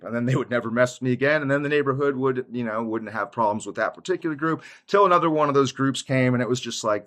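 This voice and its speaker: A man's voice: mid-range voice, quick pace, fairly bright tone. A man giving a casual testimony monologue to his viewers, rambling in slangy speech, saying "dude" often and laughing mid-sentence. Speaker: YouTuber giving a Christian testimony.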